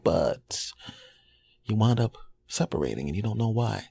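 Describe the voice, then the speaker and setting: A man's voice: medium pitch, expressive, a little fast, gravelly, dark tone, no room sound. A man in his forties hosting a podcast, telling a casual monologue and acting out little quoted reactions. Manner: conversational storytelling with acted-out quotes. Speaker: podcast host.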